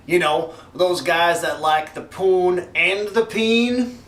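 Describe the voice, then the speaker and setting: A dopey, dim-witted oaf, as a man puts him on, drawls his words out very slowly in a fairly high voice. The sound is roomy and echoing, caught from well back off the microphone. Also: a bit bright, distant mic. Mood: leering. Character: slow dim-witted crude adult man. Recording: echoey room, voice off-mic.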